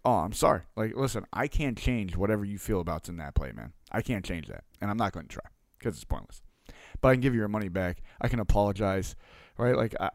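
A man with a low, gravelly voice tells a story about his food truck, candid and salty with the odd curse. He plays out both sides of a run-in, speaking very close to a dry-sounding mic. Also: no echo. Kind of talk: casual storytelling.

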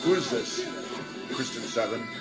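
Lively, teasing male co-host; clear music underneath. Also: medium pitch. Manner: teasing, quick quips. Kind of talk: radio show banter.

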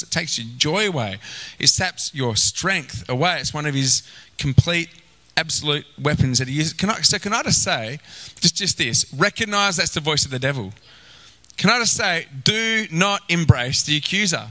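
Man, pastor preaching, lively swooping pitch, bright forceful tone. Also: moderate pace, poor audio. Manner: animated, acts out inner voices, exclaims. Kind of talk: sermon.

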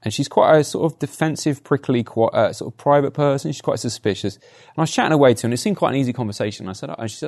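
Fast-talking chatty preacher man. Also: medium pitch, vocal fry, darkish tone. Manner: chatty, anecdotal, frequent tag questions. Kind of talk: conversational sermon.

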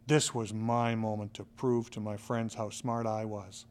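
Expressive male motivational storyteller. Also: on the low side, measured pace, clean tone. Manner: expressive, dramatic, with shifting loudness. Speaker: motivational speaker.

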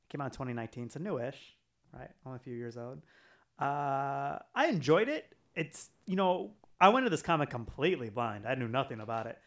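A man's voice: medium pitch, lively intonation, fairly quick, a bit bright. A man in casual chat, retelling a comic book plot in a rambling way with lots of fillers.

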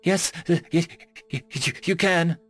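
A man's voice: a little high, measured pace, a bit bright, soft background music, voice pushed up. A man voicing a frightened, starving young male alien who stammers just above a whisper in a storybook reading. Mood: timid. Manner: stuttering, barely above a whisper.

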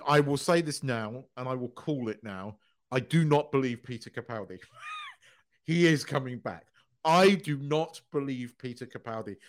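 A man co-hosting a casual podcast, opinionated and swearing as he rants. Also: mid-range voice. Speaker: podcast co-host.

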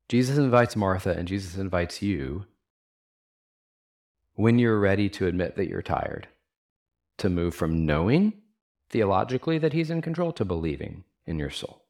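Male pastor, lower register, earnest conversational sermon delivery, rhetorical questions, casual fillers. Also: lively intonation, a little fast.

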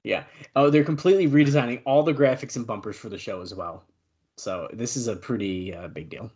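A male podcast co-host in casual chat, reading out old news notes and adding quick asides. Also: mid-range voice, darkish tone, highs cut off.

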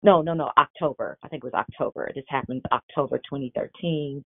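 A woman in her forties preaching a sermon, telling a personal story with animated, quoted back-and-forth dialogue. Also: extremely low pitch, fairly quick, breathy edge, no echo. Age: 40s. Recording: tinny phone-like sound.

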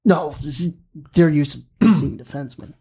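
Slightly high-voiced man musing on hockey. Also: normal speed, mellow, husky. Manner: earnest, thinks aloud, restarts. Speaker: podcast co-host. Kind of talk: casual chat about hockey.

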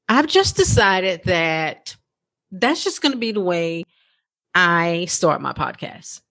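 A woman hosts her coaching podcast in a relaxed, chatty way, often asking her listeners questions. Her voice is husky and a little breathy, and her pitch swings widely as she talks. She takes her time and speaks slowly. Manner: warm and chatty, with frequent laughs and rhetorical questions. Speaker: podcast host and life coach. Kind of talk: casual motivational podcast talk.

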